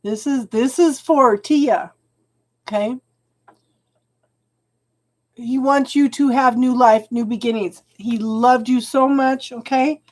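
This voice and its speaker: Slow and pausing often, a high-voiced woman with fairly even intonation reads tarot cards live for viewers. She talks warmly, calls them hon, and turns tearful and emotional over the spread.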